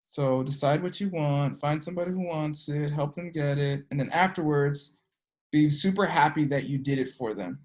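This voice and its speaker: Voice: normal speed, a little mellow. Energy work teacher, casual class talk, filler-heavy, acts out characters. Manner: chatty, peppered with "like" and "you know"; acts out characters with sudden pitch jumps.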